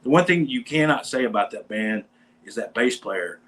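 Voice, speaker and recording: A man with a middle-pitched voice tells a long rock-and-roll anecdote in a relaxed, rambling chat. He is animated and jumps between his own words and the voices of the people in his story. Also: moderate pace, poor audio. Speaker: podcast host; bass player in a metal band.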